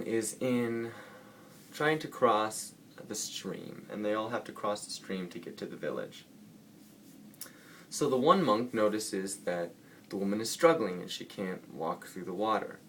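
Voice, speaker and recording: A man's voice: fairly low pitch, a little hiss or hum. A man vlogging casually about spiritual ideas. He rambles playfully and often corrects himself mid-sentence. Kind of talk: casual spiritual talk to camera.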